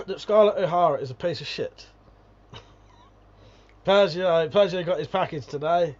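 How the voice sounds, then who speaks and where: A man's voice: on the high side, unhurried, dull audio. A British man hosting a casual livestream, reading viewer comments aloud and ranting with lots of swearing and laughter. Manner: profane, ranting, laughs often.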